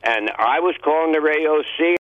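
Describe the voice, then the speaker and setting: A man's voice: a little high, brisk, narrow, tinny audio. An older man, calling in to a radio show and telling rambling stories with lots of laughs. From New York. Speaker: regular caller. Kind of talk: casual radio call-in chat.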